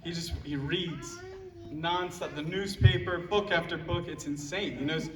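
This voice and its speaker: A young man with a high, light voice tells roast stories about his father to a laughing crowd. His voice carries through a big echoey hall. It sounds as if the mic is some way off and a noisy room recording is running. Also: expressive, unhurried, far from the mic. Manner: joking storytelling, laughing at his own lines. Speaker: son giving a roast speech. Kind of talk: roast speech at a live event. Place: large hall at a live event. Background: audience laughter.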